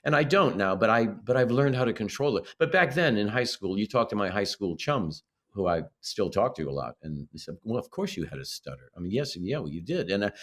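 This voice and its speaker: A man's voice: medium pitch, a bit bright. An older man from Illinois, a guest actor, telling stories in a casual interview with many restarts and self-corrections.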